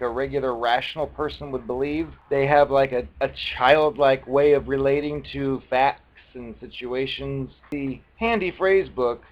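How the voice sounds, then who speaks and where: A man's voice: mid-range voice, low-quality recording. Scornful man reading with mocking commentary. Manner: scornful, mocking, loose and conversational. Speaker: video blogger reading from a book. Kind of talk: casual commentary and read-aloud.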